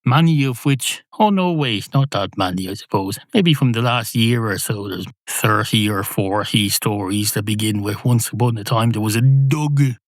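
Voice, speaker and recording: A man's voice: lowish voice, moderate pace, few pauses, no echo, studio quality, lightly acted. An Irish man voicing a matter-of-fact talking dog who reasons things out at the vet. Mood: reasoning.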